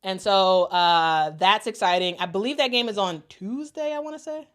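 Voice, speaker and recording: A woman's voice: mid-range voice, moderate pace. A woman hosting a casual sports live stream, talking loosely with fillers and restarts, using informal vernacular like "y'all". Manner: speaks informal Southern-style vernacular (y'all, I'ma, gon).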